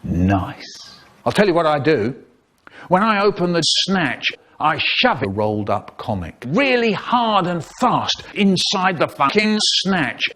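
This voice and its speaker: A man telling comic stories in an animated way, acting out voices and sound effects. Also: a little high, measured pace. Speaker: storyteller. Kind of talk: comic storytelling, spliced remix.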